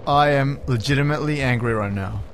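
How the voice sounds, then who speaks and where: A young man narrating his own video game play, swearing often and swinging between calm remarks and frustrated yells. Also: medium pitch, fairly quick, slight background noise. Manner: swears a lot. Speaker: gaming YouTuber. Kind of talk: Let's Play commentary.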